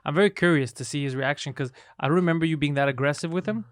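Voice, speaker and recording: A man co-hosting a casual comedy podcast, telling rapid profane stories and mocking his friend's voice. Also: a little high, no room sound, clean studio sound. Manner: rapid storytelling, profane, mimics others mockingly. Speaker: podcast co-host.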